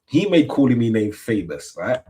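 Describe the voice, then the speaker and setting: A man's voice: medium pitch, sing-song, normal speed, warm tone. A young British man hosting a casual football livestream, full of playful trash talk and "yeah?" tags. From Britain. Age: young adult. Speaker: livestream host. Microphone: webcam mic.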